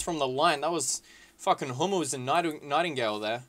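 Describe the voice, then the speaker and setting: A man giving casual, excitable gameplay commentary, swearing freely and calling his viewers lads and boys. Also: fairly high pitch, a little fast. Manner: excitable, swears a lot, shouts at big moments. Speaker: gaming video creator.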